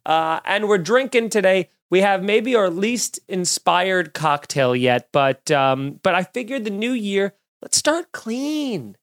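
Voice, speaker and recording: Man, high-pitched voice, thirties, solo podcast host, sarcastic, animated rant. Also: measured pace, few pauses. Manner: animated, sarcastic, jumps between loud bursts and mutters. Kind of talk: solo comedic monologue. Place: home studio, recording alone.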